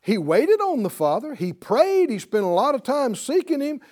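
A man's voice: extremely high pitch, sing-song, normal speed, darkish tone. A man teaching a Bible class to students who answer him, speaking emphatically and quizzing them with questions.

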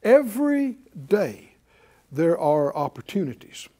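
A man's voice: high-pitched, sing-song, takes it slowly, dark tone. A man preaching a sermon in an emphatic call-and-response style, leading the congregation in repeating lines.

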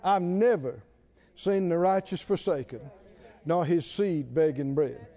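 A man's voice: a little high, measured pace, mellow, dull audio. A middle-aged male pastor preaching a sermon, punctuating his points with emphatic exclamations and quoted scripture.

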